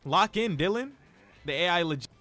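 A young man streaming live gameplay, chatting in an excitable, slangy, self-mocking way. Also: high voice, normal speed, music in the background.

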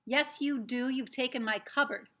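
A woman reading aloud who voices an angry, desperate young schoolboy, shouting and indignant. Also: high voice, moderate pace, voice pushed up.

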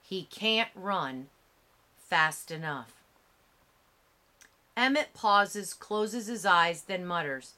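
A woman narrating an audiobook with a measured, dramatic reading. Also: lowish voice, expressive, bright, forceful tone.

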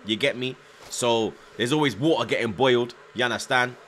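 A man's voice: medium pitch, brisk, a bit bright, slight background noise. A young man, chatting casually on a live football stream, reading out viewer comments, nervous but hyped. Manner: slangy, repeats himself, reads out chat, nervous yet hyped.

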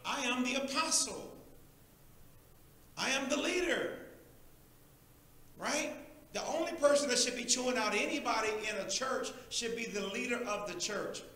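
A man preaches an animated sermon in a church, often calling out to the congregation. His voice is high and bright. The sound bounces around a very echoey room. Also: normal speed, long pauses. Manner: animated, preachy call-and-response. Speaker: pastor.

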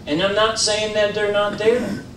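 Slow-talking preacher man in roomy church. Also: high voice, background noise. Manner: conversational, animated, with many fillers and restarts. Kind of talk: informal sermon. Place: church sanctuary. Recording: roomy church audio, mic at a distance.

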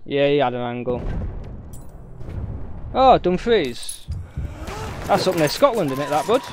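A man's voice: on the high side, very animated, unhurried, noisy background. A young man with a Yorkshire accent streaming a game, chatting easily with his viewers as he plays. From Yorkshire, England. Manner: chatty, easygoing, talks to chat while playing. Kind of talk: casual live gameplay commentary. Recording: game gunfire loud behind the voice.

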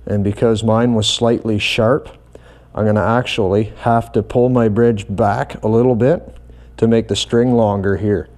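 A man with a low, mellow voice walks through a bass guitar setup. He is calm and methodical and explains each step plainly as he works. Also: a little slow. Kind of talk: hands-on tutorial explanation.

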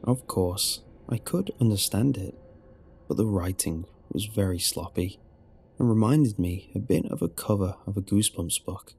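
A man narrating a first-person horror story in a low, measured storytelling delivery. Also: gravelly, slightly rough. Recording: soft music underneath.

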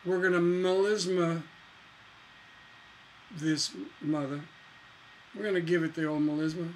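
A man's voice: on the high side, fairly even intonation, measured pace, a little hiss or hum, poor audio. A man teaching songwriting in a casual lesson, joking as he goes and breaking into sung lines. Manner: breaks into singing lines over guitar, joking asides. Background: his own guitar playing.

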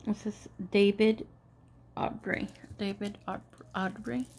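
A woman's voice: medium pitch, steady tone, slow, darkish tone. A woman vlogger in casual show-and-tell commentary, chatting and murmuring remarks about each item at home, with Spanish asides now and then. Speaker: jewelry vlogger.

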